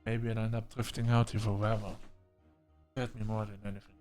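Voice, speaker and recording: A man narrating a first-person science fiction story in an expressive manner, breaking off into short exclamations. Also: on the low side, brisk, soft background music.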